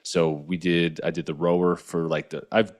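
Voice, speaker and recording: A man with a very low voice talks as a podcast guest. He is earnest and reflective, working through his thoughts with plenty of "um" and "like.". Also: flat delivery, moderate pace, a little mellow. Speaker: guest, naturopathic and chiropractic doctor. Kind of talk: casual interview chat.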